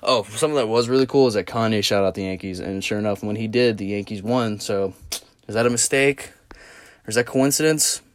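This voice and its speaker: A man's voice: on the low side, brisk, no room sound. A tired young man hosting a solo podcast, rambling through tangents and swearing casually. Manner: rambling, profane, tangent-prone. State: tired, yawning. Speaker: podcast host.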